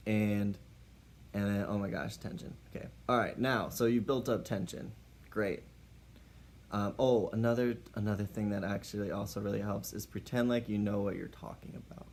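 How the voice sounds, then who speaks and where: A man with a lowish voice delivering tongue-in-cheek dating tips. He keeps a mock-serious, playful tone throughout. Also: fairly even intonation, normal speed, gravelly, darkish tone, slight background noise. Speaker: comedic advice host. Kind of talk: mock dating-advice comedy monologue.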